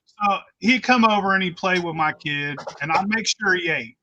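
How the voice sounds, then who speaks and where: A man's voice: high voice, moderate pace, background noise. A man, the host, telling a story in a casual chat, blunt and profane.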